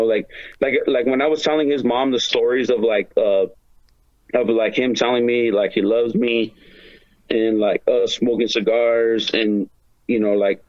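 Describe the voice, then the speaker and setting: A man's voice: mid-range voice, no echo, lo-fi sound. A man talking as a podcast guest in casual chat, rambling and profane, with lots of filler words and slang.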